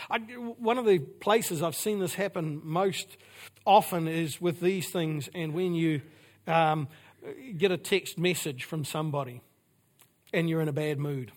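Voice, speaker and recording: Male preacher, higher-pitched voice, emphatic and repetitive delivery. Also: a little slow. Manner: repetitive, emphatic preaching with sudden drops to quiet. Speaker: pastor. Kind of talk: sermon.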